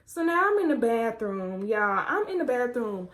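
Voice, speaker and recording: A young woman chatting casually in a vlog, telling a story in an animated way and acting out her own quotes. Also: fairly high pitch, moderate pace. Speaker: vlogger.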